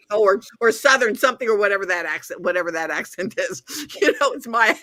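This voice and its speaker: Bright-voiced woman in her sixties coaching. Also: mid-range voice, animated, a little fast, hardly any pauses. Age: 60s. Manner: earnest, coaching tone, affirms often. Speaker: talk show co-host. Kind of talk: casual chat.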